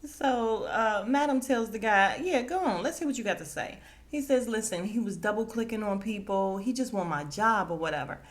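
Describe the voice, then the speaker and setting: A woman hosting a casual podcast, recapping a TV episode with animated retelling, acting out the characters' lines and laughing often. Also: medium pitch, moderate pace, few pauses.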